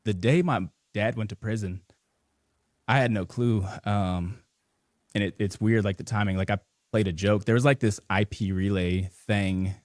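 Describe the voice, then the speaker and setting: A man in his thirties speaks as a podcast guest in a very deep, low voice. He tells a family story haltingly, full of fillers and restarts. The sound is dry and close. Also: steady tone, no echo. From Houston, Texas. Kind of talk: emotional personal storytelling.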